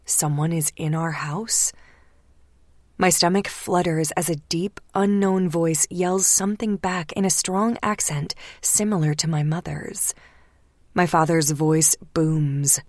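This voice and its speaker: A woman reading a first-person romance audiobook, hushed and slipping into whispers at tense moments. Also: low-pitched, fairly even intonation, takes it slowly, dry recording, clean studio sound. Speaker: audiobook narrator.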